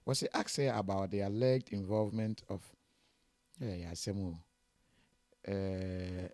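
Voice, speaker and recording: A man's voice: low-pitched, steady tone, measured pace, a little mellow, no room sound. A man with a Ghanaian accent, interviewing a guest in a casual, hesitant way with many fillers.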